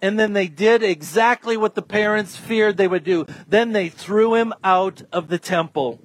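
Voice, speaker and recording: A man's voice: sits high, moderate pace. A man preaching a sermon as a pastor, emphatic and repeating his key phrases.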